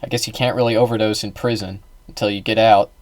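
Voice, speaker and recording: A man commenting on a video in a casual, halting way, with many fillers and restarts. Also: on the low side, little pitch movement, no echo.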